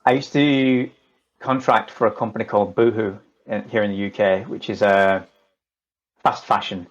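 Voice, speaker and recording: A man's voice: on the low side, level tone, normal speed, dull audio. A middle-aged man from northern England with a Lancashire accent, chatting as a podcast guest in a jokey, swearing way. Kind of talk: casual chat.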